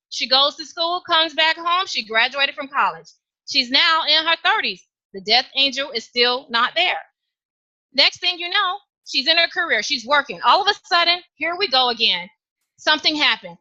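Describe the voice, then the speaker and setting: High, bright woman telling a story. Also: normal speed. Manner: animated, acts out voices. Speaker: club speaker. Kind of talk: storytelling speech. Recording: dull lo-fi live meeting recording.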